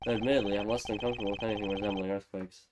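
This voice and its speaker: A man voicing a reserved male prosecutor in a deeper, measured, formal tone. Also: fairly even intonation, background noise, lightly acted. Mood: wary. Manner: measured, formal, lower than his own voice. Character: composed adult male prosecutor, proud, reserved. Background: game music.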